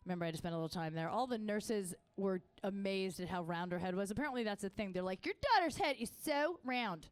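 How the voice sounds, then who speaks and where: Brash woman doing stand-up, smooth voice. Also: fast talker, few pauses, dry recording. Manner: brash, profane storytelling; jumps to a much higher, excited voice for quoted lines. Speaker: stand-up comedian. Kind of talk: stand-up comedy set. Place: live comedy festival stage.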